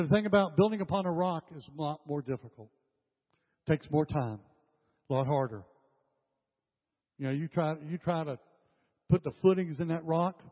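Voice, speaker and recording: An older man preaching a sermon to a congregation, emphatic and repeating his phrases as he speaks directly to the room. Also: fairly high pitch. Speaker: pastor. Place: church hall with congregation. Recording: dull lo-fi sound with long hall reverb.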